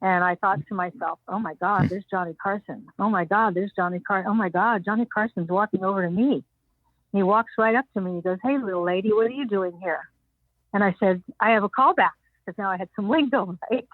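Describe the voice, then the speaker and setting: Older woman guest, animated storyteller, dry narrow phone-like sound. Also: mid-range voice, a little fast, dry recording. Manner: animated anecdotes, acting out others' lines with laughs. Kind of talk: storytelling interview.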